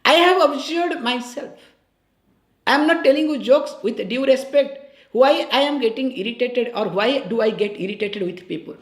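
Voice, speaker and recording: High-voiced woman teaching scripture. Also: lively intonation, normal speed, echoey room. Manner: conversational, checks in with listeners; corrects and repeats key phrases. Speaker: spiritual teacher. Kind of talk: scripture discourse.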